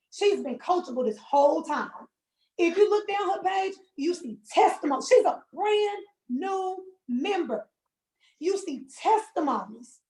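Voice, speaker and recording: Animated high-voiced woman, echoey room. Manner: animated, emphatic, plain-spoken. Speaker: network marketing trainer. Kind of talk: casual training call.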